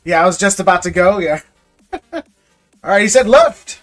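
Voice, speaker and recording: This livestream card seller has a high, animated, fairly bright voice and talks at a normal speed with long pauses. He's laid-back, selling trading card packs and chatting with viewers he calls "bro" while soft music plays behind him.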